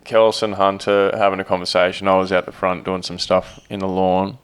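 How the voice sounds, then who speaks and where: A man's voice: deep voice, flat delivery, fairly quick, smooth. A man in casual podcast chat, laid-back, with many fillers and casual swearing. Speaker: podcast co-host, stepdad.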